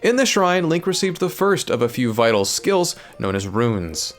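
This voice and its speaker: Man, gameplay narrator, expressive, animated pitch, faint music underneath. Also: normal speed. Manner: lively, explanatory narration. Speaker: gaming video host and narrator.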